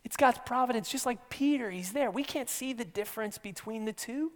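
A man preaching an earnest sermon, repeating his words and shifting between hushed near-whispers and loud emphasis. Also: very high-pitched, fairly quick. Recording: long hall reverb.

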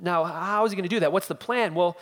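Emphatic high-voiced preacher in a reverberant hall. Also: male voice, fast, fairly bright tone. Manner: emphatic, building repeated phrases. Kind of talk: expository sermon.

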